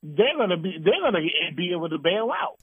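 Man, talk show host, blunt heated rant, fairly high voice, dry phone-like sound. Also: very animated, a little fast, husky, dry recording. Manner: blunt, heated ranting with mocking put-on quotes. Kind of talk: uncensored call-in radio talk.

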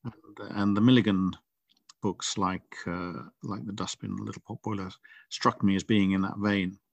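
A middle-aged author talking in a relaxed interview, thoughtful and rambling with frequent restarts. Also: male voice, fairly low pitch, moderate pace, vocal fry, no echo, muffled recording. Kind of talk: casual interview chat.

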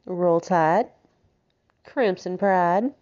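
A woman in her thirties from Alabama speaks with a soft Southern twang in a rambling, chatty podcast monologue. She giggles easily, swears casually and pokes fun at herself. The recording sounds a little dull and lo-fi. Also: on the low side, drawn-out words. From Alabama, United States. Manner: giggly, swears freely, self-mocking. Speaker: podcast host.

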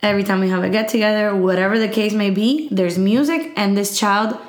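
Brief: lively mom storyteller, mid pitch, chatty, echoey room. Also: female voice, fairly quick. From Miami. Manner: animated storyteller, acts out quotes, laughs, code-switches to Spanish. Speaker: podcast co-host, mother. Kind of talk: casual chat.

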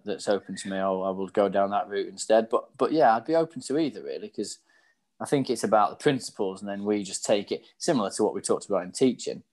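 A man's voice: lowish voice, a little mellow. A man in casual chat as co-host, talking about coaching and studies, laughing easily at himself. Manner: laughs easily, self-deprecating.

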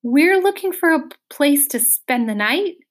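A timid young boy, earnest and a little flustered, stammering as he tries to explain himself, as a woman voices him in a storybook. His voice rides high and bright above the narration. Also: sing-song, moderate pace, breathy edge, exaggerated voice. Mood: timid, pleading. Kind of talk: audiobook character voice.

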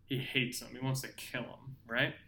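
A man's voice: medium pitch, level tone, moderate pace, creaky, bright, forceful tone. A young man co-hosting a podcast in casual chat, sarcastically retelling scenes. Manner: sarcastic, mocking retellings with frequent laughing. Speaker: podcast co-host. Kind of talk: casual movie-review chat.

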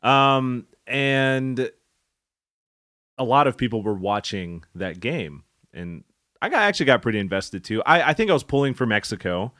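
A goofy man rambles through casual podcast chat, laughing often between his tangents. His voice swings widely in pitch. The mic is close and dry. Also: sing-song, normal speed, fairly bright tone, no room sound. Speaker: podcast co-host.

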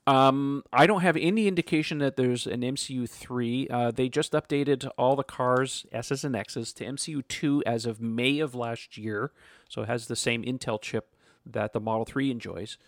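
A man hosts a casual podcast and reads listener questions aloud before answering them in a chatty, easygoing way. His voice sits at a middling pitch. The mic is close and dry. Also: moderate pace, no room sound. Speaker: podcast host.

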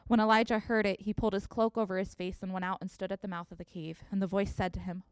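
A woman pastor in her thirties preaching a sermon, telling a scripture story with expressive reading. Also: mid-range voice, quick pace, hardly any pauses, clear, resonant tone, no echo, clean studio sound.

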